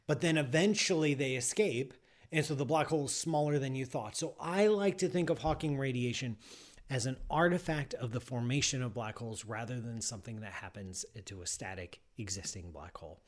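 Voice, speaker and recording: A man's voice: medium pitch, brisk. A middle-aged man hosting a podcast, answering listener questions in casual, rambling chat with teasing asides.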